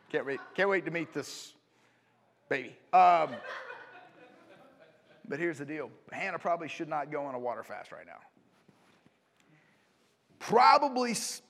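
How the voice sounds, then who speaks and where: Animated pastor preaching in a reverberant hall. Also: male voice, on the high side. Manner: animated, storytelling, frequent "right?" asides. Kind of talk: sermon. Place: church auditorium.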